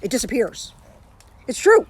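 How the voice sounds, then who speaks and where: A Canadian woman with a slightly high voice chats on a live stream, rambling loosely and often restarting her thoughts. She talks straight into her phone from home. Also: big pitch swings, unhurried. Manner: rambling, chatty, with frequent restarts. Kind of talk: casual live-stream chat.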